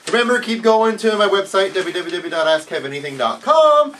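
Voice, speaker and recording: Animated, profanity-heavy male vlogger. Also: brisk, far from the mic, a little hiss or hum. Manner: swears a lot, mocks with loud high outbursts. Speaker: vlog host answering viewer questions. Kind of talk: casual profane rant to camera.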